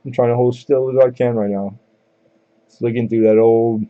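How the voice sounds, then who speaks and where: A man's voice: mid-range voice, fairly even intonation, normal speed, dull audio. A man hosting a live coin auction stream, calling bids in a casual, joking, chatty way.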